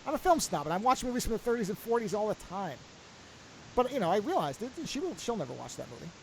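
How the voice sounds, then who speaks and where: Middle-aged male co-host, slightly high voice, rambling casual chat, light hiss behind. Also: big pitch swings, fast, vocal fry, a little mellow. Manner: rambling, many restarts and asides. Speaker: podcast co-host.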